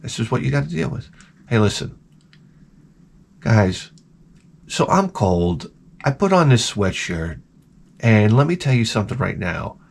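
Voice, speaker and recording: With a lowish voice, vocal fry and long pauses, a middle-aged man rants to camera at home at a measured pace, telling sarcastic, swear-filled stories with animation. A little hiss or hum runs underneath the recording.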